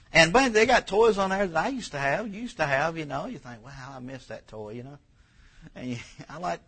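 A man's voice: medium pitch, fairly bright tone, slightly rough, poor audio. A man in his thirties preaching a sermon in church, folksy and emotional, telling personal stories that rise toward tears. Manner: folksy, emotional storytelling, rising to near tears. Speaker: pastor.

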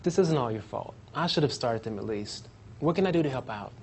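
A hesitant office coworker who apologizes and offers to help, played by an actor in a training video. He speaks at a mid pitch, with faint background noise. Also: animated, fairly quick, a little mellow, close to an everyday voice. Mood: apologetic.

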